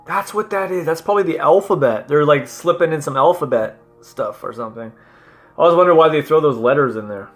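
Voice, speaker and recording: A man's voice: fairly high pitch, faint music behind. A man giving casual, playful commentary as he works through language app lessons, laughing at himself and sounding out French words. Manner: reads French words aloud slowly. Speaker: language learner vlogger.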